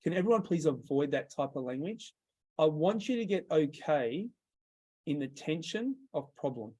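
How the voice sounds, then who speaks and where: A man's voice: a little high, very animated, normal speed, a little mellow. A man with an Australian accent coaching a sales workshop, direct and quizzing his group as he goes. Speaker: sales trainer.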